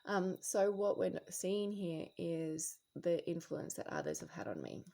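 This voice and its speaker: A woman giving a casual late-night monologue as a spiritual vlogger, rambling and reflective with lots of fillers and restarts, sometimes dropping into soft whispered asides. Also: fairly low pitch, sing-song, measured pace, vocal fry.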